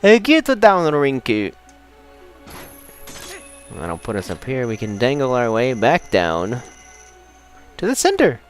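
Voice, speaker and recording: Brief: excitable young male let's-player, very animated pitch, game music faintly underneath. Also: takes it slowly, pauses often. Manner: excitable, chatty, rambling with restarts. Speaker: let's play host. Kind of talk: casual gameplay commentary.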